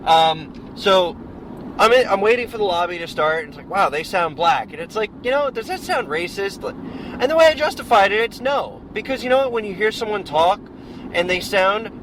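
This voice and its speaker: In a rough recording filled with loud road noise, a high-pitched man speaks briskly and expressively from inside a moving car. He's a podcast co-host, chatting casually and emphatically as he rambles through his opinions.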